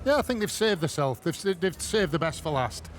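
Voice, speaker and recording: A man with a slightly high voice gives emphatic, animated punditry on a strength contest. He stresses his points with energy. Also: brisk, a little hiss or hum. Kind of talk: studio punditry.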